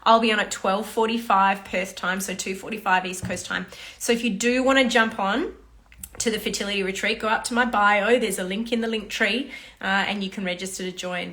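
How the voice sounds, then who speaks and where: A woman's voice: medium pitch, fairly bright tone. An Australian woman, a fertility doctor, chatting through a casual live Q&A and greeting viewers by name. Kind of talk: casual livestream Q&A.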